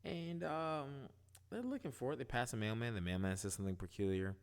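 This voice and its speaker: A man casually recapping and reviewing a TV episode, animated, asking "right?" often. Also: mid-range voice, fairly quick, smooth. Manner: animated, retells scenes, quotes characters, frequent "right?". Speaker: show reviewer.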